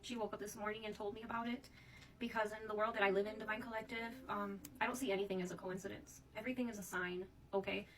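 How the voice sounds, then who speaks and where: A woman's voice: mid-range voice, steady tone, quick pace, far from the mic, rough recording. A woman giving a casual tarot reading, chatting to her viewers and often calling them "Divine Collective". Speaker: tarot reader.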